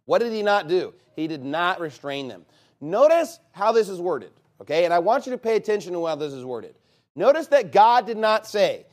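A man preaching a sermon as a pastor, emphatic, with sudden loud outbursts and big swings in pitch. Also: big pitch swings, moderate pace.

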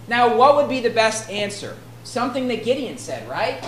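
A woman preaches an expository sermon with a fairly high, expressive voice at normal speed and few pauses. She reads scripture aloud, unpacks it conversationally, and frequently asks "right?", recorded in an echoey room with faint ambience and slight background noise.

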